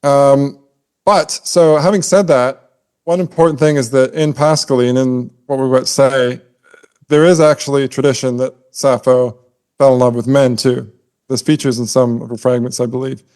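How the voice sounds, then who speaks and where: A man's voice: mid-range voice, steady tone, moderate pace, a little mellow, clean tone. A man co-hosting a podcast, explaining poetic meter in a casual, scholarly way and humming out rhythms with his voice. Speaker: podcast co-host.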